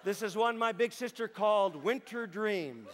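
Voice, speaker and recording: High-voiced comedian man telling stories. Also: normal speed, background noise. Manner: playful, chatty, deadpan asides. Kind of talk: stand-up comedy storytelling. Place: stage before a live audience.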